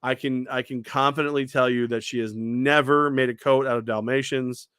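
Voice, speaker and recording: A man's voice: medium pitch, normal speed, clean tone, no echo. Sports show guy telling a story, acts out the quotes, dry close sound. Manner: animated storyteller who acts out quoted voices. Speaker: sports talk show co-host. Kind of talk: casual sports talk.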